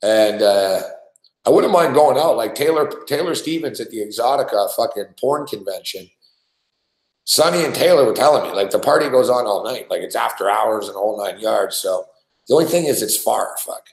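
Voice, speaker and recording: A man's voice: fairly low pitch, expressive, moderate pace, reverberant, low-quality recording. A man from Quebec chatting casually and profanely on a betting show, with lots of "like" and "you know what I mean". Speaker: sports betting show regular. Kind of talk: casual chat. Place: studio.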